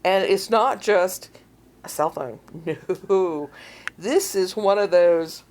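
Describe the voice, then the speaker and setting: A middle-aged woman co-hosting a podcast, casually telling a story and acting out quoted voices with big swings in pitch. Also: slow pace, slight background noise. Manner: animated, acts out quotes with big pitch jumps. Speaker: podcast co-host.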